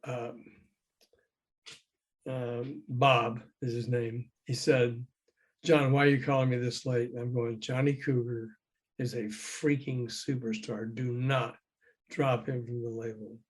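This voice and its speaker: A man's voice: mid-range voice, takes it slowly, breathy edge. An older man with a mid-range voice, talking over a remote call as a guest. He tells his stories with energy, slips into the voices of the people he quotes, and chuckles between lines. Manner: lively, acts out quoted voices, chuckles often. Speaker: guest, former record promoter. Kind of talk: anecdotal storytelling in a conversation.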